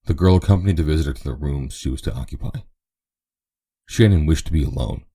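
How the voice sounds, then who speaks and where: Man, audiobook narration, very low voice, husky, mellow tone. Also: fast. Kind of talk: scripted narration.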